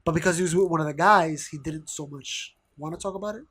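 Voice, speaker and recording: A man's voice: a little high, fast, fairly bright tone, breathy edge. A man co-hosting a casual podcast, telling loose stories and acting out quotes in goofy voices, laughing often. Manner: loose storytelling, acts out quotes in silly voices. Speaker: podcast co-host. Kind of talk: casual chat. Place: home basement studio.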